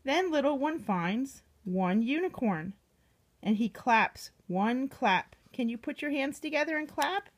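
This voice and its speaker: A woman reading a picture book aloud to a young child, gently asking the child questions as she goes. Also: sits high, animated, a little slow.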